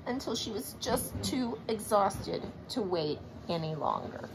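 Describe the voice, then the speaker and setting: A woman reading a picture book aloud to children, expressive and asking her listeners questions. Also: medium pitch, measured pace, few pauses, background noise. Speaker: storybook reader.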